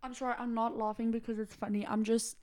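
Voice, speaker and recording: A high-pitched woman co-host on a true-crime podcast. She reacts to each detail with shock and disbelief. She cracks jokes and swears freely. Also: level tone, quick pace, a crowd in the background. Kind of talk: casual true-crime chat.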